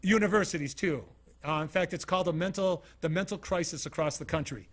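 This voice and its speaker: Lively high-voiced man giving a motivational talk. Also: a little fast. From Utah, USA. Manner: animated storyteller, asks the audience direct questions. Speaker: motivational keynote speaker. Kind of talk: informal motivational talk to a live audience. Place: studio with a small live audience.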